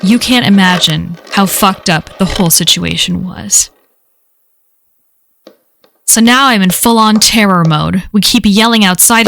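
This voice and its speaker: A woman's voice: mid-range voice, unhurried, vocal fry, noisy background. A woman reading a first-person horror story aloud in a casual, profane way. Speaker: story reader.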